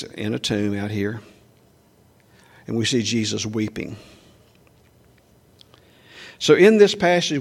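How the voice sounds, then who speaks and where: A man preaching a sermon in a conversational way, asking the congregation questions and acting out quoted lines louder and higher. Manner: acts out quoted speech with raised pitch and volume. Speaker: pastor.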